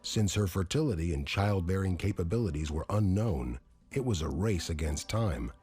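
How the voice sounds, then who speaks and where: Deep-voiced male documentary narrator. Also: expressive, normal speed, darkish tone. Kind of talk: scripted narration. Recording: music bed underneath.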